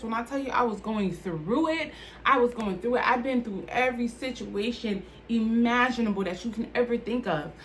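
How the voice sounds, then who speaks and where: A woman's voice: on the high side, a bit bright, a little hiss or hum. Candid woman vlogger sharing her faith story. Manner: candid, conversational, heartfelt, with frequent "like" fillers. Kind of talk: personal testimony vlog.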